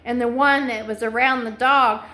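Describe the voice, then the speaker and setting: Bright-voiced middle-aged woman rambling on. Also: a little high, steady tone, normal speed. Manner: long run-on chains of "and", anxious and insistent. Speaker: vlogger. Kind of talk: rambling monologue to camera.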